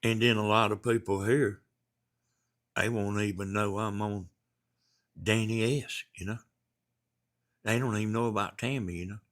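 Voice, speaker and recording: A man's voice: fairly low pitch, fairly even intonation, moderate pace, long pauses. A man from Georgia with a Southern accent, chatting casually on a livestream and reading out viewer comments in a folksy, rambling way. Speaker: livestream host.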